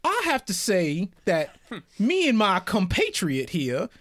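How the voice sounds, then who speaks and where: A syrupy Southern charmer with a lively, swooping drawl, as a man puts him on at the gaming table. He wheedles and bargains, bright and eager in tone. A tabletop role-play voice. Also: sits high, slow, exaggerated voice. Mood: folksy. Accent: put-on American Southern. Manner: drawling, overly folksy, wheedling dealmaker. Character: man putting on an exaggerated southern-gentleman drawl.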